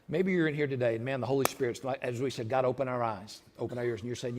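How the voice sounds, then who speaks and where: A man preaching a sermon in church, repeating lines for emphasis and breaking into loud shouts. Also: mid-range voice, fast talker, slight background noise. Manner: preaching with sudden shouted outbursts; repetitive, emphatic delivery. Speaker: pastor. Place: church sanctuary.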